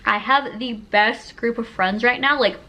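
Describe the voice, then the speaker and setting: Her voice sits a little high and moves a little slowly, with a sharp tone, and the audio is poor. A thirty-ish YouTuber, she talks casually to the camera in a sit-down chat, emotional and gushing, with "like" everywhere.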